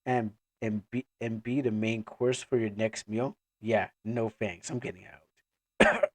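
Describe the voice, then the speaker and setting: A man doing a low, sarcastic young hero. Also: fairly even intonation, slow pace, no echo. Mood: muttering. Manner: sarcastic, muttering.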